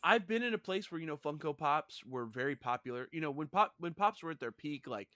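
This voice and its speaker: A man's voice: a little high, brisk, no room sound, studio quality. A man co-hosting a casual podcast chat, telling stories with lots of acted-out quotes. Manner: animated storyteller, acts out quotes. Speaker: podcast co-host.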